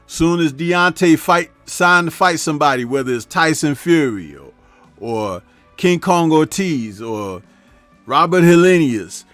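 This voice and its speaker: Male stream host, voice a touch high, dry close sound, jokey and conversational, reads out and answers chat. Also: a bit bright, no echo. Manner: laughs at his own jokes, keeps tagging remarks with "huh?"; reads viewer chat aloud and talks back to it. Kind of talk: casual live-stream commentary.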